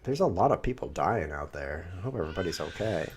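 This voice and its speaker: A man's voice: low voice, very animated, fast talker, a little hiss or hum. A man streaming a chess game, thinking aloud in a playful, rambling way. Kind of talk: live chess commentary.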